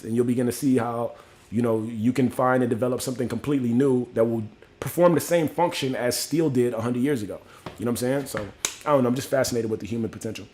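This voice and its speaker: A man's voice: medium pitch, a little mellow. A male live streamer chats loosely with his audience and keeps dropping "you know what I'm saying." He talks straight to viewers, reads out their comments and names, and moves from musing to pep talk. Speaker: livestream host. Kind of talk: casual live-stream chat.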